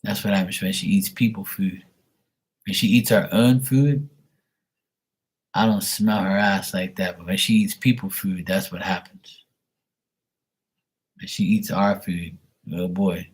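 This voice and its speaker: A man with a husky, fairly low voice hosts a late-night livestream. He rambles in a chatty, teasing way and talks to his viewers by name. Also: steady tone, measured pace, pauses often. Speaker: livestream host reading paid questions.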